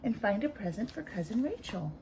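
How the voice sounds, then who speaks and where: A woman voicing a gentle, patient mother in a picture-book read-aloud, speaking in a calm, coaxing way. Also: on the high side, fairly quick, a little hiss or hum.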